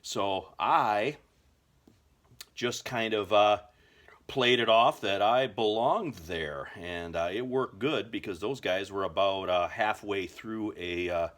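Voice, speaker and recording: Speaking slowly in a fairly low voice with a fairly bright tone, an American man recounts survival stories for his vlog. The casual, folksy storytelling to camera wanders a lot and is full of fillers.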